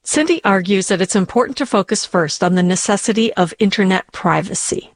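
A woman's voice: mid-range voice, brisk, dry recording. Woman host with dry close sound. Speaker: podcast host. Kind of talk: scripted narration.

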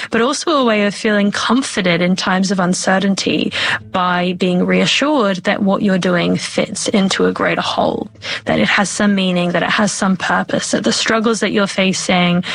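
A middle-aged woman academic who studies divination, explaining her views in a thoughtful, slightly halting way. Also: mid-range voice, poor audio. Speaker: scholar of divination. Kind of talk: interview conversation.

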